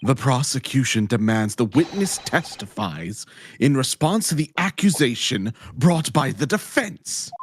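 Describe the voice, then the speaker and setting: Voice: medium pitch, sing-song, unhurried. Someone doing a formal prosecutor. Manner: crisp legal phrasing.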